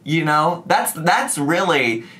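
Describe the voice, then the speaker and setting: A man vents into his camera in an animated, chatty vlog style. His voice is bright and forceful and sits a little high, and now and then he slips into a joking southern twang. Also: slow. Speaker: YouTuber. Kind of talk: casual vlog rant.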